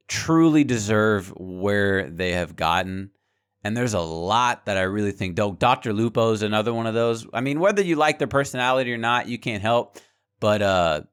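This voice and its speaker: A man's voice: lowish voice, clean tone. A man talking candidly to his viewers in a vlog, frank and heated, swearing freely and repeating words as he gets worked up. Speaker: small gaming YouTuber and streamer. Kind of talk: candid vlog rant to camera.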